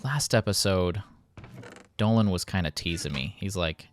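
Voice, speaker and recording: A man's voice: low-pitched, moderate pace, a little hiss or hum. A man hosting a casual gameplay commentary, rambling and poking fun at himself. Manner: rambling, self-mocking, playful. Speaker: let's play host.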